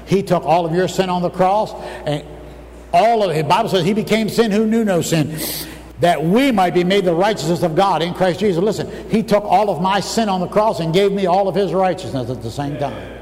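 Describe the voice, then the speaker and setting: A man preaching a fervent sermon, telling a story and breaking into shouts at its high points. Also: fairly quick. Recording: distant mic, long hall reverb, faint room noise.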